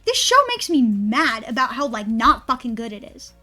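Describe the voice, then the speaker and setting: A woman's voice: fairly high pitch, lively intonation, moderate pace, bright, forceful tone, faint music behind. A woman streamer in casual stream chat, ranting and rambling with a lot of swearing.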